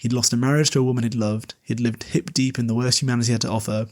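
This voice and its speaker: A man hosting a podcast, casually recapping a novel and reading passages aloud, with loose, laughing delivery and quick paraphrased quotes. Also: medium pitch, steady tone, a little mellow. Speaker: podcast host.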